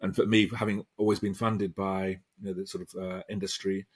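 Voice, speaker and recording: A professor talks through an interview in a loose, rambling way, often restarting his sentences. His voice sits low and has a husky edge. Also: flat delivery, a little fast. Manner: rambling, many ums and restarts. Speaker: professor and author, interview guest. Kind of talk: conversational interview answers.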